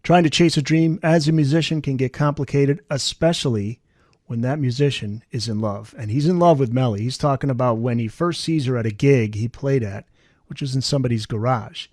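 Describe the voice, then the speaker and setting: A man's voice: mid-range voice, a little fast, darkish tone, dry recording, clean studio sound. A man hosting a podcast interview, asking conversational questions and reading passages aloud. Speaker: podcast host.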